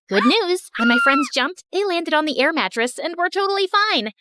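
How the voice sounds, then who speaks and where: A woman's voice: very high-pitched, big pitch swings, moderate pace, hardly any pauses, sharp tone, dry recording, studio quality. A woman narrating a first-person school story in a chatty, youthful manner.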